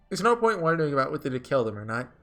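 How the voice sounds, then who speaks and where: A man's voice: on the high side, fairly bright tone, pitched above the performer's own voice. A man reading aloud as a callous male oni rider from a game, breezy and mocking.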